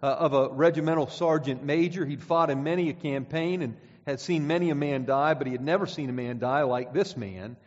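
A man preaching a sermon in a church, relaxed and conversational, stumbling over repeated words as he reads scripture aloud. His voice sits a little high for a man. The recording is dull and muffled, with a long reverb trailing off the hall walls. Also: a little fast, hardly any pauses.

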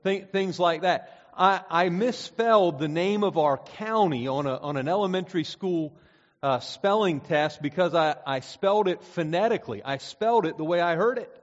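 A man's voice: high voice, moderate pace. A man from central Pennsylvania preaching a sermon, telling folksy stories with frequent restarts and "uh"s. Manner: folksy storytelling with many restarts and "uh"s. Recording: dull sound with long hall reverb.

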